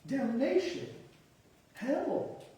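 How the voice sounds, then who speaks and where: A man's voice: very high-pitched, big pitch swings, very slow, dark tone. A man preaching a sermon, emphatic and conversational, with self-deprecating asides and punchy one-word lists. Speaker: pastor. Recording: echoey hall from far off.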